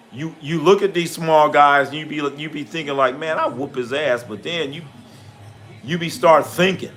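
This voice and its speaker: Male stream host with a slightly raised pitch, casual and profane, reads chat between plays. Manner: animated when acting out stories. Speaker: livestream sports host. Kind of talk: casual live commentary and storytelling.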